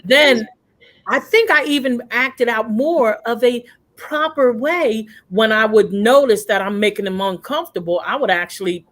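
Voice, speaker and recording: Animated woman host on a video call. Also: on the high side, moderate pace. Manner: warm, animated storyteller, acts out voices. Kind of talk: casual video call discussion.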